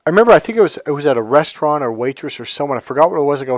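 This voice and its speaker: A male life coach talks in a loose, storytelling way and acts out both sides of everyday conversations. His voice sits at an ordinary middle pitch. The sound is close and dry, with no room echo. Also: rapid-fire, hardly any pauses. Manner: storytelling, acts out quoted exchanges with sudden high-pitched bursts. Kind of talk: casual motivational monologue.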